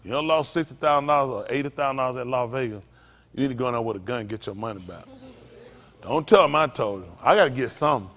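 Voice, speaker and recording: A pastor with a medium-pitched, fairly bright voice gives a conversational sermon to his congregation in a synagogue sanctuary, often making asides to the room. The recording carries long hall reverb.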